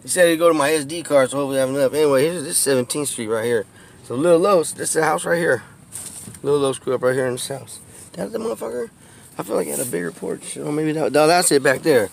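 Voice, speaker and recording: A man's voice: fairly high pitch, quick pace, vocal fry, a little hiss or hum. A man recording a casual tour of his old neighborhood on a phone from a car, telling street stories with lots of swearing and laughter. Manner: profane, laughing, animated storytelling. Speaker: vlogger giving a neighborhood tour. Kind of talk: casual storytelling while driving. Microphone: phone camera.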